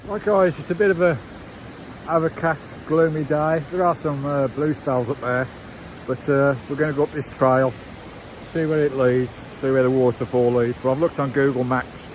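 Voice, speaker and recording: A man's voice: mid-range voice, steady tone, moderate pace, a little hiss or hum, low-quality recording. A man chatting casually to his viewers while he walks a wooded hillside trail. He rambles, keeps calling out to the viewers and his dog, and records on a handheld camera outdoors. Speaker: vanlife vlogger. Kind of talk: casual walking vlog chat to viewers.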